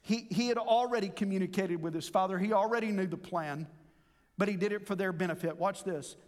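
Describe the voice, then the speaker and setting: A man's voice: sits high, brisk. A man preaching a sermon as pastor, earnest and expository, drawing out words for emphasis. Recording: long hall reverb.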